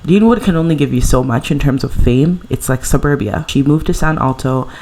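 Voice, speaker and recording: A woman's voice: extremely low pitch, a little fast, a little mellow, slight background noise. Chatty woman gushing over gameplay. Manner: chatty and gushing, laughs often. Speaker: let's play creator. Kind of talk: casual gameplay commentary.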